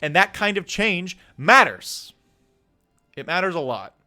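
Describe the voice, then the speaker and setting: A young man delivers a fired-up political rant as a streamer, cursing freely and pushing his point hard. His voice sits high for a man and comes across bright and forceful. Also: very animated, unhurried, faint music behind. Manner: heated, swearing, pleading.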